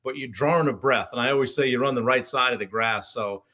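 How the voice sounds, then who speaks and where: A man hosting a casual live stream, relaxed and chatty, with frequent fillers and restarts, talking with a guest over a video call. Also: mid-range voice, fast.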